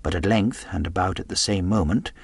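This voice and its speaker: Low gravelly male audiobook narrator. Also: dry recording. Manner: measured, storytelling delivery. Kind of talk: classic novel audiobook narration.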